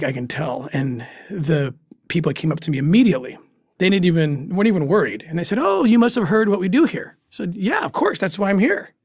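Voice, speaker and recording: Earnest man telling a story, halting with emotion. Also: fairly high pitch, no echo, studio quality. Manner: earnest, halting, restarts when moved. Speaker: guest recounting undercover work.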